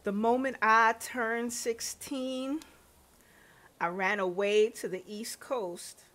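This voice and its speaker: A woman voicing a down-to-earth Southern farm wife in her late thirties, reading her lines in a measured, plain way with a Southern accent. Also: a little high, fairly bright tone. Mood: matter-of-fact.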